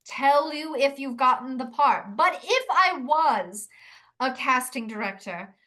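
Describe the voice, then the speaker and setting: A woman's voice: high-pitched, expressive, slow pace, pushed and bright. A woman playing an accent coach in an improvised comedy chat, rambling and mock-serious.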